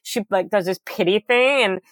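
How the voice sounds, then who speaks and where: Straightforward woman talking openly, mid pitch, dry close sound. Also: moderate pace, no room sound. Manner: candid and straightforward, with some restarts. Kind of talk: casual conversation.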